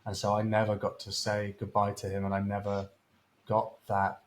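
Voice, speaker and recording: A man hosting a podcast who speaks in a gentle, sympathetic way and hesitates now and then. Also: on the low side, monotone, normal speed, slight background noise, rough recording. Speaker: podcast host. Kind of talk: casual interview chat.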